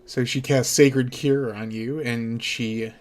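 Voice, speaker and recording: A man's voice: mid-range voice, steady tone, slow. A man narrating as game master of a tabletop game, often restarting his phrases as he voices the characters.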